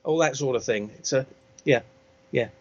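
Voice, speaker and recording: A man's voice: mid-range voice, normal speed, a little mellow, no room sound, highs cut off. A man being interviewed in a casual chat, hesitant and self-deprecating, often trailing off. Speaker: interviewee, steampunk maker. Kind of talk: casual video-call interview.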